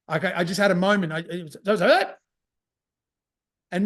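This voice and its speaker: A man's voice: high voice, steady tone, fairly quick, long pauses, fairly bright tone. A man in casual podcast chat, rambling and swearing as he acts out his own thoughts. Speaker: podcast guest.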